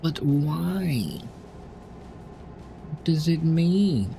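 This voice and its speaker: A man's voice: a little high, big pitch swings, very slow, vocal fry, mellow, soft background music. A man giving casual, rambling commentary while streaming a driving game. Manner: rambling, chatty asides.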